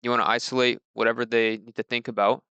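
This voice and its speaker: A man's voice: mid-range voice, flat delivery, fast talker, pushed and bright, clean tone, dry recording, lo-fi sound. A man giving a casual training talk on handling client objections, loose and conversational, lifting his voice when reading out sample scripts. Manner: reads sample scripts in a slightly raised voice. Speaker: mortgage sales trainer.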